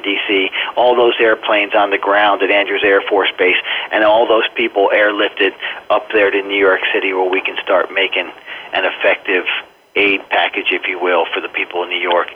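An earnest man speaking as a phone-in guest on a radio show, his voice sitting a little low. He often restarts his phrases as he tells his story. The line is thin and tinny, like a telephone call. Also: slight background noise. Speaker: interview guest recounting events.

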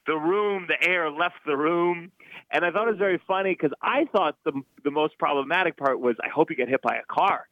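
A man's voice: fairly high pitch, fairly quick, dry recording. A man, a stand-up comedian guest, telling a rambling, self-deprecating story. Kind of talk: casual anecdote telling. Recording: dry tinny phone line.

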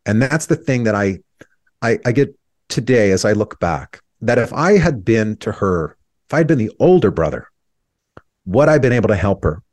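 A man's voice: on the low side, very animated, moderate pace, darkish tone, no echo. A man in his thirties, an interview guest, telling a painful personal story in an earnest, reflective way, his voice sometimes breaking with emotion.

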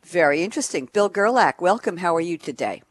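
A woman hosts a radio panel show, introducing guests with eager emphasis. Her voice sits slightly low for a woman. The sound is dry and close. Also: expressive, brisk, dry recording. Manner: enthusiastic, emphatic, frequent laughs.

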